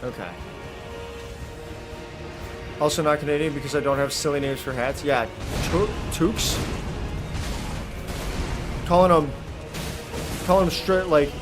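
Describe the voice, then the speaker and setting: A man from Michigan with a Michigan accent, chatting with his viewers and reacting loudly while live-streaming a game. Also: a little high, steady tone, normal speed, long pauses, over music. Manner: chatty, joking with chat, loud outbursts.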